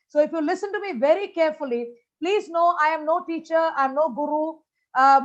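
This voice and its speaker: A woman giving a motivational keynote over a video call, talking with lots of energy, repeating her greetings and using many fillers. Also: high voice. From India. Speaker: motivational speaker. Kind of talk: conference keynote talk. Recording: dull lo-fi video call audio.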